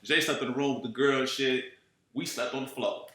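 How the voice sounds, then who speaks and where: Animated man telling a street story in an echoey room. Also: mid-range voice, brisk, heavy background noise. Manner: animated, profane, streetwise slang, keeps asking "you know what I'm saying". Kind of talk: casual storytelling.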